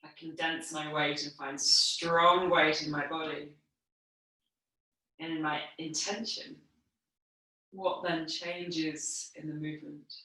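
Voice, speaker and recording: Woman movement teacher, calm floor cues, slightly winded; roomy, distant sound. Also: low voice. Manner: calm, unhurried cueing while moving on the floor. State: a little out of breath from exercising. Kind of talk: guided movement class instruction. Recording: echoey room, mic far off.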